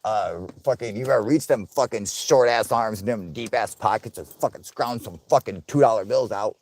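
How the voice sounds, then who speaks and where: A young man hosting a casual livestream, swearing often, laughing, and loudly thanking viewers for donations. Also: on the low side, moderate pace, no echo. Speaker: livestream host.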